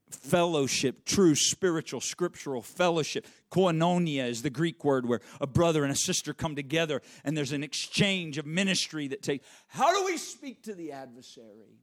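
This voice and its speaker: Preaching in a conversational, lively style, this fairly high-pitched male pastor keeps returning to his key phrases and makes brief side remarks to his congregation.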